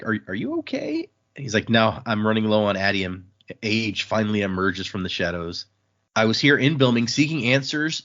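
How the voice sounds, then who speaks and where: A man's voice: on the low side, dull audio. A man co-hosting a casual podcast, recapping a book and acting out the characters' lines as he goes. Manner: animated, acts out characters' lines while recapping. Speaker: podcast co-host.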